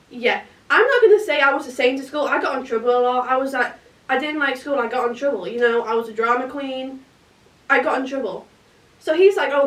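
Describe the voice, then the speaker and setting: A young woman with a British accent spins a dramatic storytime, chatty and full of "like". Her voice sits high. The sound is roomy, picked up from a little way off the mic. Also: recorded from a distance. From Britain. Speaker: vlogger. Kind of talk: casual storytime chat.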